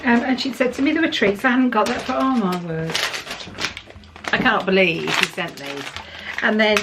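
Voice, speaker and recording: An English woman from the UK, a vlogger chatting excitedly while unboxing gifts, gushing and laughing often and cooing playfully at her dogs. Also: mid-range voice, normal speed, background noise. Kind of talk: casual unboxing chat.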